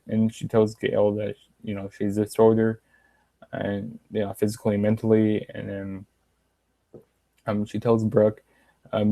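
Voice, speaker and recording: Young man, low flat voice, rambling wrestling recap, dry close sound. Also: creaky, dry recording. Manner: rambling, many um fillers, reads quotes in a slightly raised voice. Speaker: wrestling show reviewer. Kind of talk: casual recap of a wrestling show.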